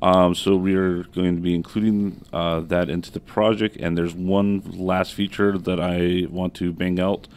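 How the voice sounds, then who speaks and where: Male co-host, very low pitch, plain halting explanations. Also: flat delivery, a little mellow. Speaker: podcast co-host. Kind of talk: casual chat. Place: office.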